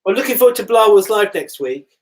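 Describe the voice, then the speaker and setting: Man, casual live-stream co-host, animated storytelling, quick laughs, swearing. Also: sits high, noisy background. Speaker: podcast co-host.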